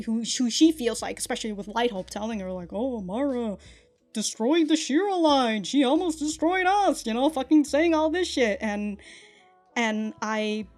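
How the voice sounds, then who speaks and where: Excitable, foul-mouthed woman reacting. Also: fairly high pitch. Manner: excitable, swears a lot, laughs often; rambling with frequent restarts. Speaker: reaction video host. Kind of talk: casual reaction commentary.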